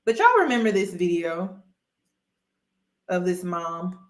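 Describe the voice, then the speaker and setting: A woman's voice: on the low side, very animated, slow pace, very noisy. Emphatic woman vlogger in an echoey room. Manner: emphatic, repeats points, addresses viewers as y'all. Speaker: vlogger commentator. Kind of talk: casual commentary.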